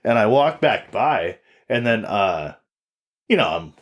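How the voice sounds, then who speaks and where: Man in his 20s, podcast co-host, casual storytelling, lower voice, animated pitch, curses a lot. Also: slow pace. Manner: animated, swears freely, acts out quotes. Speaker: podcast co-host and stand-up comedian.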